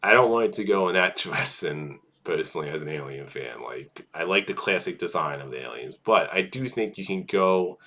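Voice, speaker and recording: A man's voice: deep voice, lively intonation, brisk, hardly any pauses, sharp tone. A man casually talking through film news as a vlogger, rambling with lots of filler words and restarts.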